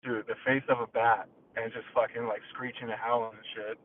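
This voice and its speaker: A man calling in from his car, telling a story in an excitable, profane way over the phone. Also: medium pitch, a little fast. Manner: profane, excitable, acts out quotes. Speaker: caller. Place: in a car, driving. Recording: tinny phone line.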